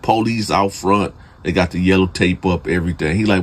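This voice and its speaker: A man's voice: deep voice, fairly quick, hardly any pauses. A man telling a true prison story in casual, slangy talk, speaking straight to his listeners and building suspense. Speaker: storyteller host.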